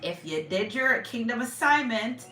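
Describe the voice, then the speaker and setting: A woman gives a casual spiritual tarot reading, rambling and heartfelt and full of fillers. She sits some distance from the mic in a roomy, echoey space. Soft music plays faintly underneath. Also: fairly high pitch, expressive, measured pace. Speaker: tarot reader.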